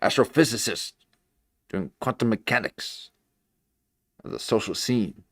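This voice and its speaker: A man hosting a casual livestream, making dry, deadpan asides. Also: on the low side, unhurried, no echo. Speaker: podcast host.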